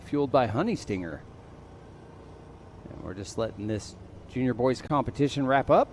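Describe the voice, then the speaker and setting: A man's voice: mid-range voice, a little hiss or hum. A man announcing a live mountain bike race, calling results and rider call-ups over the PA. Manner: lively, rapid event announcing. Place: outdoors at a bike race venue.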